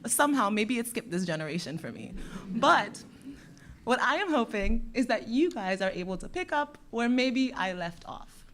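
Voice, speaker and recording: Woman giving a lively ceremony speech. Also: a little high, normal speed, slight background noise. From Dominica. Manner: lively, playful with the children, warm encouraging. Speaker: guest speaker from a bank.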